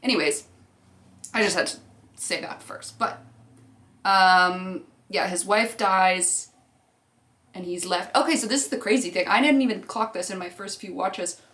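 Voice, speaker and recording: Young woman, vlogger, casual chat, rambling, swears, medium pitch. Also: unhurried, pauses often, fairly bright tone. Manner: chatty, rambling, swears freely. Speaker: movie rewatch vlogger.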